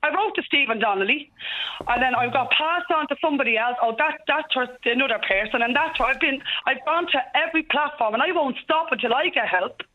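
An Irish woman in her forties calling in to a radio show, talking fast and emotionally without stopping. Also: high-pitched. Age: 40s. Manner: rapid, tumbling, unstoppable talk. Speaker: caller. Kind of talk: emotional call-in radio talk. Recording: tinny phone line.

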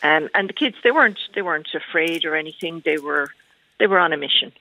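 An Irish woman on a radio phone-in talks fast in a deep, sharp voice with lively intonation, no room sound. Heard over a tinny line, she is hesitant, with many fillers and restarts.

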